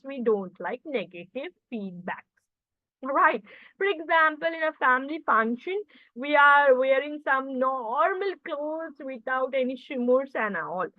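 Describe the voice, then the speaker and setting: A woman teaching an online communication skills class, explaining points through acted everyday examples and often checking in with "guys" and "clear?". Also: high voice, no room sound. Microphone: computer or headset mic on a video call. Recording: dry, narrow phone-like online-call sound.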